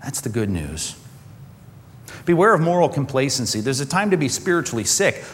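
A man preaching a sermon as pastor, animated, often acting out quoted voices. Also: mid-range voice, moderate pace. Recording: long hall reverb.

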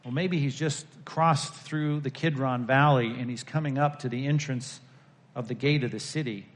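A male pastor preaching a sermon, talking conversationally with the congregation and moving between emphatic peaks and hushed lines. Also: mid-range voice, fairly even intonation, moderate pace.

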